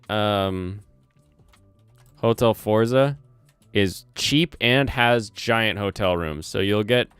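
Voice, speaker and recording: A man with a slight Southern US twang hosts a casual livestream on his channel, speaking into a close desk mic in a fairly low, smooth voice with no echo. He rambles, corrects himself as he goes and reads chat aloud over soft lo-fi music and keyboard typing.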